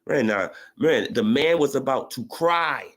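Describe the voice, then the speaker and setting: Animated man ranting about boxing. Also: medium pitch, unhurried. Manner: animated, profane, rising to excited rants. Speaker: boxing commentator vlogger. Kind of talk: casual monologue.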